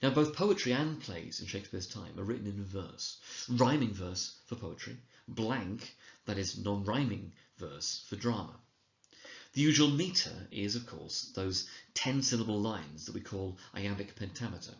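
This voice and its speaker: A man giving a recorded lecture, explaining in a measured way and reading quoted lines slowly and dramatically. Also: lowish voice, animated, creaky, reverberant, highs cut off. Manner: explanatory, measured, with occasional slips and restarts. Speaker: teacher trainer.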